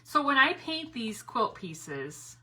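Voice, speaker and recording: A woman's voice: on the high side, very animated, slow pace, pushed and bright, slightly rough. A woman hosting a live craft stream, chatting casually while she paints, greeting viewers by name and laughing often. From northern United States. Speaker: craft livestream host.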